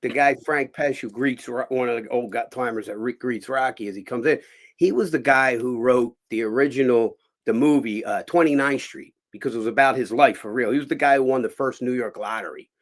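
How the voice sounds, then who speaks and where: Animated male storyteller from Philadelphia. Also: mid-range voice, fairly quick. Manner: animated storyteller, acts out quotes with loud impressions. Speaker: host. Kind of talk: storytelling chat.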